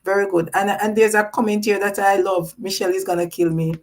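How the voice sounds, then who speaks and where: A woman's voice: mid-range voice, steady tone, brisk, low-quality recording. A woman hosting a live-streamed panel talk, stressing key points by repeating them and reading out viewer comments. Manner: reads out viewer chat comments. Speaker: host.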